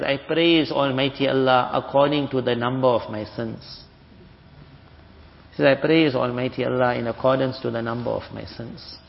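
A man's voice: mid-range voice, gravelly. A man giving a hadith lesson, retelling stories casually and acting out the dialogue. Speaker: Islamic teacher. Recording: dull, lo-fi audio with long hall reverb.

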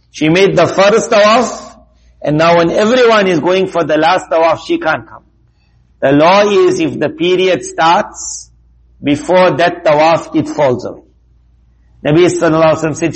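A man giving a religious lesson, telling stories slowly and deliberately and acting out the quoted speech of the people in them. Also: a little high, husky, poor audio. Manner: slow, deliberate, acts out quoted speech in a lively way. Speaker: Islamic teacher. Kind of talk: religious talk with storytelling.

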